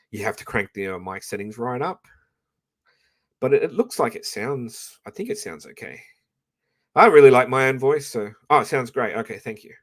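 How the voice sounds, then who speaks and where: A man hosting a livestream, chatting in a rambling, profane way with frequent restarts, on a professional microphone. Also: fairly low pitch. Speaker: livestream host. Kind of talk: rambling live-stream chat.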